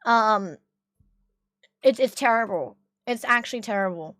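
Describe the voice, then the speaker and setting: A young woman from Australia streaming casually with a hoarse, strained voice, chatting, swearing and reading chat aloud. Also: fairly high pitch, unhurried, a bit bright, no echo, clean studio sound. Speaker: livestreamer.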